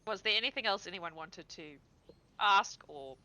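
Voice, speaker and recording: A woman narrating as game master, talking casually and laughing between quick asides. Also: medium pitch, animated, bright, forceful tone, rough recording.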